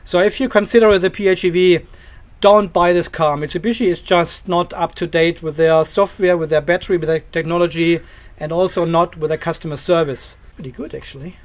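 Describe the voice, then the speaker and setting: A man vlogging from his home carport, ranting at the camera in an exasperated way. He keeps circling back to the same complaints, and his voice sits high for a man. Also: steady tone, a little fast. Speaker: car vlogger. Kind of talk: casual vlog to camera.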